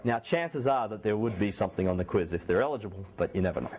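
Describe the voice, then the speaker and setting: A man delivers a university math lecture in a lecture hall, his lowish voice a little sore and slightly mellow. He talks fast and expressively in a loose, conversational way, often restarting and correcting himself. There's slight background noise.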